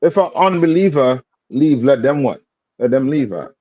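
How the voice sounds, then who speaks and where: A man's voice: medium pitch, lively intonation, normal speed, mellow, dry recording, muffled recording. Man teaching a religious class. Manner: repetitive questioning, streetwise phrasing.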